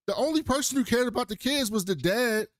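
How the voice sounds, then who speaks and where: A man's voice: very high-pitched, animated, brisk, a bit bright, dry recording. A man co-hosting a podcast in casual chat, blunt and profane, often correcting his partner. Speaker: podcast co-host.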